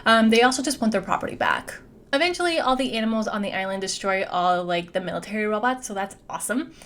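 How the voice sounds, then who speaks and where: A woman's voice: mid-range voice, lively intonation, quick pace, fairly bright tone. A young adult woman giving a casual, chatty movie recap, peppering her speech with "like". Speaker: movie reviewer.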